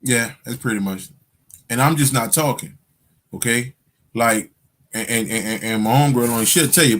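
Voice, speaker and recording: A man working as a spiritual guide, giving a casual livestream talk to his viewers in an animated, profane storytelling manner with frequent laughter. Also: mid-range voice, normal speed.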